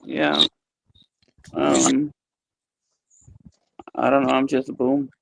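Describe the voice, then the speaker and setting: Deep-voiced teasing woman with Southern accent. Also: flat delivery, drawn-out words, gravelly, a little hiss or hum. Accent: Southern US, unusual. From American South. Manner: teasing, sassy. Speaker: stream guest. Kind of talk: casual banter.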